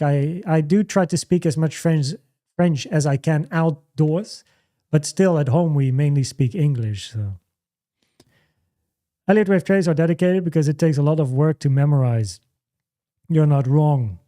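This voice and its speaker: Here a man runs a relaxed livestream at home, talking and responding to questions in a dark voice that sits on the high side. Fillers pile up, words get repeated, and he restarts a lot, giving a halting feel.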